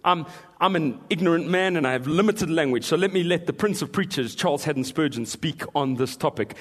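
A man preaching, his voice sitting a little high for a man. He reads scripture slowly and deliberately, then breaks into animated bursts. His delivery jumps between hushed reflection and loud excitement. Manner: animated, with sudden shouts and laughs. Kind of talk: sermon.

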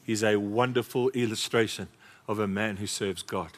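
A man preaching a sermon with passion, swinging between loud exclamations and soft, close asides. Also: lowish voice, steady tone, moderate pace. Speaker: pastor. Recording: long reverb of a large hall.

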